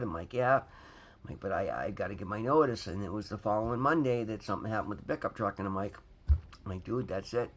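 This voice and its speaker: A man's voice: lowish voice, fast talker. A man giving a candid, earnest personal testimony about his recovery from his home, often restarting phrases and calling viewers "guys". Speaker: recovery vlogger.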